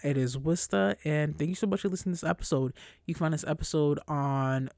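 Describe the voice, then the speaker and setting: A young adult podcast host in a casual solo monologue, blunt and slangy with lots of swearing, whose voice climbs high and loud when worked up. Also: quick pace, creaky, no echo, clean studio sound.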